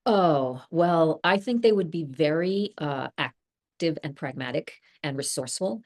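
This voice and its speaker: A woman's voice: low voice, animated, measured pace, darkish tone. A middle-aged woman, an actress being interviewed, talking in a thoughtful, rambling way with frequent laughs. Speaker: actress guest. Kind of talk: casual interview chat.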